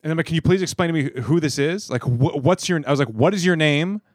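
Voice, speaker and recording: A man's voice: on the high side, no room sound, studio quality. A man co-hosting a casual podcast, ranting freely and swearing as he tells a story. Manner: fast, lively, swears freely while ranting. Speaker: podcast co-host. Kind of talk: casual chat.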